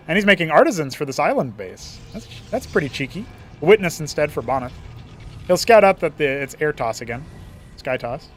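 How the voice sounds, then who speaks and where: A man's voice: on the high side, sing-song, faint music behind. A young man casting a strategy game match alone, chatty and playful, with laughing asides. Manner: chatty, laughs at own jokes, quick asides. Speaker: esports caster. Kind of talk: solo play-by-play commentary.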